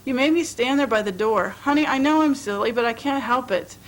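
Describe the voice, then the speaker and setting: A woman's voice: high voice, fairly quick, pitched above the performer's own voice, rough recording. A woman reading aloud and voicing a tired, lovesick young woman who pleads emotionally.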